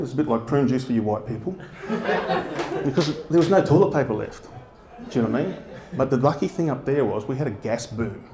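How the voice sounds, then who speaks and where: A man's voice: medium pitch, mellow, a little hiss or hum. A man from Darwin with an Australian accent doing a live stand-up set on stage, rambling through his stories and laughing at his own jokes. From Darwin, Northern Territory. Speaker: stand-up comedian. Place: stage at a fringe festival venue. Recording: roomy live venue sound.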